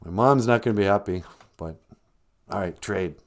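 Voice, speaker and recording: A man's voice: lowish voice, moderate pace, natural voice. A man voicing a gullible, eager young boy in a told folktale. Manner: eager, naive.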